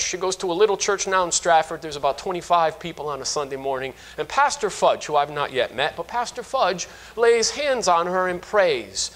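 A man in his fifties, a pastor preaching a sermon and retelling stories in an animated way, often restarting his sentences. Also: high voice. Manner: animated storytelling with frequent restarts.

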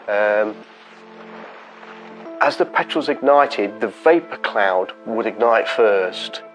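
A man's voice: medium pitch, rough recording. A man, a fire investigator, explaining technical forensic evidence in a documentary interview.

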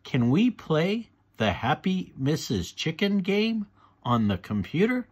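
A man's voice: fairly high pitch, very animated, slow, husky, voice pushed up, heavily acted. A man voicing an eager, bossy little girl piglet in a read-aloud storybook.

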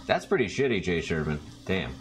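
A man's voice: low voice, a little fast, soft background music. A young man who works in a bar, joking casually on a cooking stream and telling stories. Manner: joking, expressive storyteller who reads out chat messages. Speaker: bar worker.

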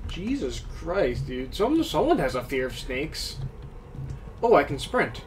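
A man giving let's-play commentary on a horror game, with loud, swearing reactions to scares. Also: on the high side, sing-song, a little slow, distant mic, a little hiss or hum. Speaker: gaming YouTuber.

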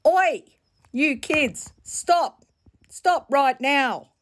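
A woman voicing a cross farm auntie who shouts sternly at muddy children in a storybook. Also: high-pitched, animated, extremely slow, pitched above the performer's own voice, heavily acted.

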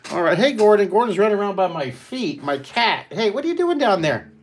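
Middle-aged male drawing teacher, slightly high voice, playful and excitable, live kids' webcast from home. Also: fairly quick, a little hiss or hum. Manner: playful, excitable, chatty, addresses kids directly. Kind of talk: live online drawing lesson. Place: at home, son and cat in the room.

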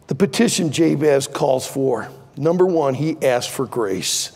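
An older man preaching a sermon as pastor, swinging from loud impassioned pleading to quieter conversational asides. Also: medium pitch, animated, a little slow, gravelly, big-room sound. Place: large church sanctuary.

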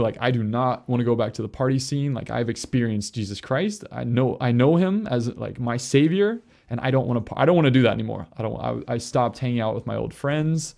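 A young man, a priest, telling his conversion story in an earnest, halting way with many fillers. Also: mid-range voice, vocal fry, a little mellow. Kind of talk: personal testimony.

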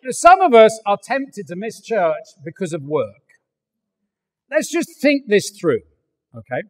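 An older English man preaching a sermon, animated and joking, acting out little voices as he goes. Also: high voice, measured pace, long reverb tail. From England. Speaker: pastor. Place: large church hall.

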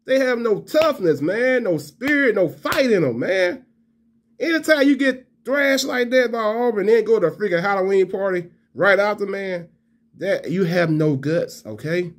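A man's voice: high-pitched, expressive, moderate pace. Fired-up man ranting. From Alabama fan. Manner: fired-up, profane, repeats himself, trash-talking. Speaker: college football vlogger. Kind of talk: heated fan rant to camera.

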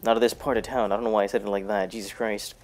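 A man casually commenting while playing a horror game, muttering low to himself, cursing often, and breaking into loud startled shouts. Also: little pitch movement, racing. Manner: profane, jokey self-talk to the game. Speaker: gaming YouTuber. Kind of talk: casual let's-play commentary.

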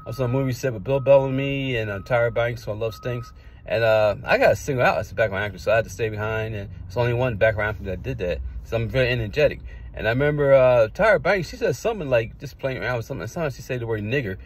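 A man's voice: medium pitch, fast talker, slight background noise. A middle-aged man casually telling rambling personal stories, jumping from one anecdote to the next. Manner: rambling, digressive, jumps between anecdotes. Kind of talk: casual storytelling.

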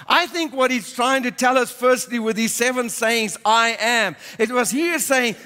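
A man's voice: very high voice, normal speed, hardly any pauses, sharp tone, clean tone, big-room sound. A man preaching a sermon, reading scripture aloud and then explaining it with emphatic repetition. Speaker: pastor. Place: church.

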